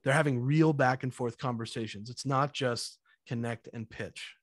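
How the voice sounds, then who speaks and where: A man speaking as a podcast guest, energetic and conversational, now and then acting out little scenes in mock voices. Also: medium pitch, moderate pace, no echo, studio quality. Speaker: podcast guest, sales evangelist. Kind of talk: conversational interview.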